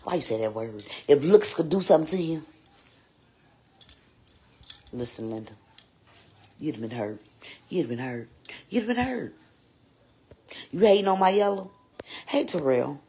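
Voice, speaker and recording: A performer voicing a sassy, vain woman babysitter in a live-streamed comedy skit, loud and teasing, repeating lines and swooping up into squeals. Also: medium pitch, sing-song, a little slow, pauses often, slight background noise.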